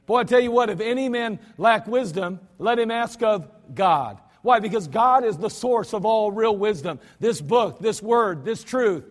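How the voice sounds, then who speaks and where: High-voiced preacher in a reverberant church. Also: male voice, expressive, measured pace, few pauses. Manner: folksy, emphatic preaching with repetition. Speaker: pastor. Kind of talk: sermon. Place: church sanctuary. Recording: archived church service with long hall reverb.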